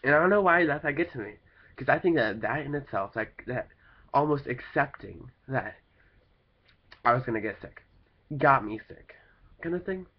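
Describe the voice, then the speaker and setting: A young man at home rambles through a casual vlog, packing his talk with fillers and loose asides. He is sick with a cold and sounds it. His medium-pitched voice comes through a dull, lo-fi home recording. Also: expressive, normal speed, long pauses. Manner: rambling, full of "like" and "kinda thing" fillers. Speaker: vlogger.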